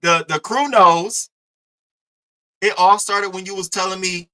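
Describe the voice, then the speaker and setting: A young man from Baltimore tears through online drama in a profane, animated commentary. His voice is bright and forceful and sits a little high. He keeps slipping into other people's voices to act out what they said. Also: measured pace, pauses often, low-quality recording. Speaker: commentary livestreamer.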